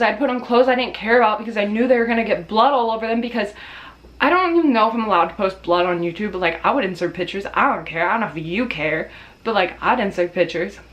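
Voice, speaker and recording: A woman's voice: mid-range voice, fairly bright tone. A woman vlogger telling a storytime in a casual, dramatic way, swearing freely and laughing as she tells it. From Australia.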